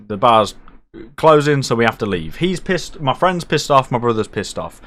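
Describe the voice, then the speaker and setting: A young man telling a night-out story casually, animated, swearing and poking fun at himself. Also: mid-range voice, normal speed. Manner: animated, swearing, self-mocking.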